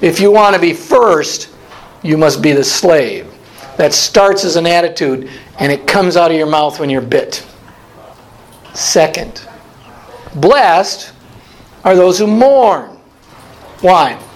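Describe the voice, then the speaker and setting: A man's voice: a little high, animated, slow, pauses often, low-quality recording. A man teaching a Bible study as a pastor, asking his listeners questions and repeating key phrases. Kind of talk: interactive sermon.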